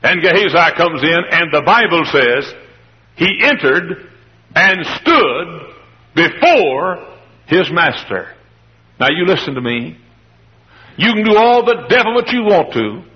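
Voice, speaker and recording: A man preaching a revival sermon, acting out the people in the story and shouting at its high points. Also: sing-song, measured pace, big-room sound, muffled recording. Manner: dramatic, acts out the characters in the story, shouts at climaxes.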